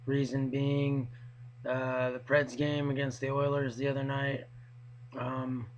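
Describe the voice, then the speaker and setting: A man with a hoarse, worn voice from yelling, talking loosely in a casual video blog. His pitch sits mid-range and barely moves, so his delivery sounds flat. He rambles and hesitates as he shares his thoughts. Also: slow pace, highs cut off, a little hiss or hum. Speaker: hockey fan vlogger.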